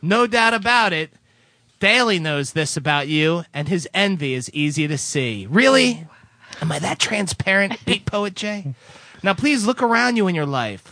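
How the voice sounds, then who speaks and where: A man reading listener letters on a chatty podcast, his voice sitting high and swinging widely in pitch. The tone is bright and forward, and the sound is close and dry with no room around it. He plays the letters up with a lively, joking delivery. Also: moderate pace, no echo. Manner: animated, breaks into laughs while reading. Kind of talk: casual chat, reading letters aloud.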